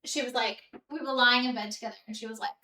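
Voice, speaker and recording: A woman's voice: a little high, fairly even intonation, fast, pushed and bright, distant mic, slight background noise, rough recording. A young woman with a mixed Australian and New Zealand accent, chatting casually and rambling with her viewers on a live stream. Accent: Australian and New Zealand mix. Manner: chatty, rambling, frequent fillers and laughs.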